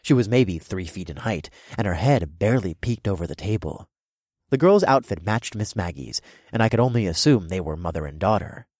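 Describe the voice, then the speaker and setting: A man narrates a first-person fantasy audiobook with wry, expressive delivery. His voice is deep and husky, and his pitch rises and falls freely. The recording is close and completely dry. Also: a little fast, no echo.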